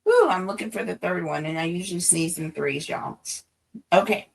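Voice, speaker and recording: A woman's voice: lowish voice, moderate pace, vocal fry, husky, low-quality recording. A woman giving a casual tarot reading, musing aloud and checking in with her listeners. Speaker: tarot reader.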